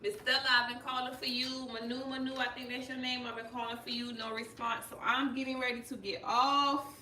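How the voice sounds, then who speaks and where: A woman's voice: fairly high pitch, level tone, a little fast, sharp tone. A woman hosting a live tarot stream in a casual, direct way, calling her viewers y'all. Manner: informal, addresses viewers as y'all, chatty and direct. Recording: echoey room, mic at a distance, clear background noise.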